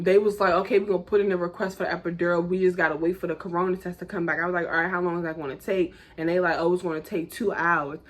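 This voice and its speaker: A young woman, telling a personal story in a chatty, animated vlog style. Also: fairly low pitch. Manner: chatty, animated, lots of "like" and "y'all". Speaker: vlogger. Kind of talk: casual storytime.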